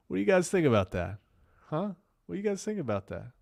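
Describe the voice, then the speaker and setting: A man's voice: fairly high pitch, big pitch swings, fast, creaky, a little mellow, dry recording, clean studio sound. A man hosting a casual crypto livestream, talking bluntly in street slang and repeating phrases for emphasis.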